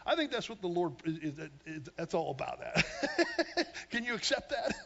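A high-voiced man from Western Pennsylvania preaching a fervent sermon. His voice is gravelly and husky, and his pitch swings widely as he calls out for amens. It sounds like a slightly dull, lo-fi recording. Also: wildly swooping pitch, moderate pace, pushed and bright. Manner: fervent, emphatic, calls for amens, laughs at himself. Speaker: pastor. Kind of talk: energetic sermon.

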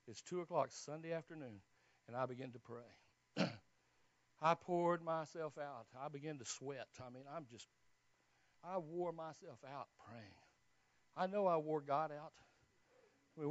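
A man preaching a sermon as he tells his own story, dropping to hushed tones and then rising to loud exclamations. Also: a little high, dry recording. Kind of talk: sermon testimony. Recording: dull, dry lo-fi recording.

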